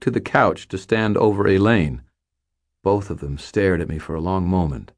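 A man narrating an audiobook in a measured, restrained, somber way. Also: low-pitched, no echo.

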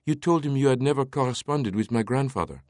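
A man voicing a sharp, probing young woman with a pointed, questioning manner. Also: medium pitch, fairly quick, dry recording, clean studio sound, voice pushed up, natural voice.

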